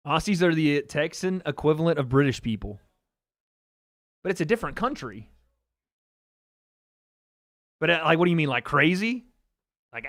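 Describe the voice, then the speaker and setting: A man's voice: on the high side, a bit bright. Casual, profane male streamer. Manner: loose, profane, laughing, chatting with viewers. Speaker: livestream host. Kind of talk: casual live reaction commentary.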